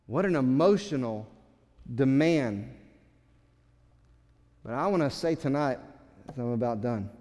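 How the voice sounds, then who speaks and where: A man preaching a sermon as pastor, swinging between loud, urgent passages and hushed, quiet ones. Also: medium pitch, big-room sound.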